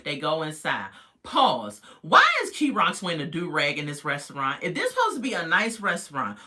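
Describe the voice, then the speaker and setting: Chatty opinionated reality TV reviewer. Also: normal speed. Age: adult parent. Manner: chatty, opinionated, talks straight to viewers; animated, jumps in pitch when reacting. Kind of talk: casual episode recap.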